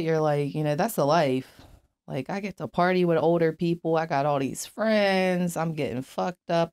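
A woman's voice: low voice, a little mellow, clean tone. A young woman as an interview guest, telling her life story candidly and bluntly, with frequent swearing and fillers. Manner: blunt, profane, many fillers.

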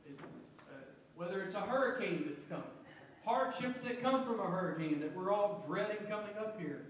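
A man's voice: high-pitched, a little hiss or hum. A man preaching a sermon as pastor, stressing his points with repeated words and frequent amens. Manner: preaching with emphatic repetitions and amens. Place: church sanctuary. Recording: echoey church from a distance.

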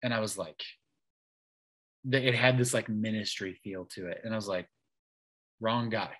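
A man's voice: fairly low pitch, moderate pace, a bit bright, rough recording. A man in his thirties recounting a personal story as an interview guest, earnest and self-deprecating, with frequent restarts and filler words. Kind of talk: casual storytelling.

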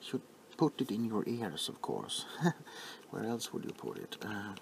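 A man playing an overly attached, sentimental pharmacist in a whispered role-play, softly fussing and apologizing. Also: lowish voice, big pitch swings, measured pace, creaky, a little hiss or hum, exaggerated voice. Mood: apologetic.

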